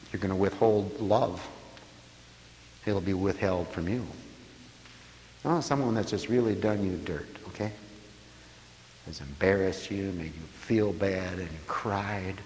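A man preaching a sermon, swinging from hushed murmurs to loud exclaiming and chuckling between points. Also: sits low. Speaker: pastor. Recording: hall reverb with faint hiss.

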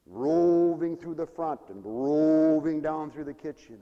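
A man's voice: fairly high pitch, expressive, a little slow, long pauses, dull audio. Fervent preacher man in a reverberant hall. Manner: fervent, swings from loud to hushed storytelling. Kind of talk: sermon.

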